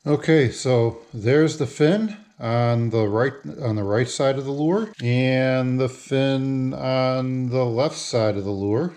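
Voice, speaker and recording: A man narrating his own hobby video in a casual how-to style. He talks through each step as he works, at a middling pitch for a man. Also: darkish tone. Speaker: hobby lure painter.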